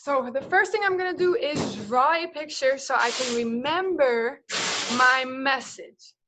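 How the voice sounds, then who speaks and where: Slow, high-voiced kindergarten teacher. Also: female voice, background noise. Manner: slow, patient, sounds out words letter by letter. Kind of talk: live online lesson, modeling writing.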